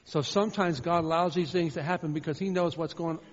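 A man preaching a sermon as a pastor, shifting from loud fervent calls to quiet personal storytelling. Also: a little high, a little fast. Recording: dull sound with long hall reverb.

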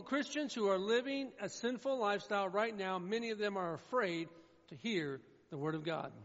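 A man preaching a sermon with emphatic delivery, his voice swinging from loud declarations to hushed low lines. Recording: echoey hall with dull sound.

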